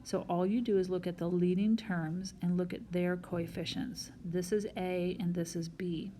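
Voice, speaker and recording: A woman's voice: on the low side, flat delivery, normal speed, mellow, a little hiss or hum. A woman math teacher recording a whiteboard lesson, explaining each step patiently and talking straight to her students.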